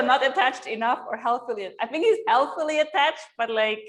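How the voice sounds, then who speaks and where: A woman's voice: sits high, brisk, a bit bright. Giggly, rambling yoga teacher woman. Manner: rambling, laughs often, self-mocking. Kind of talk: chatty live online class.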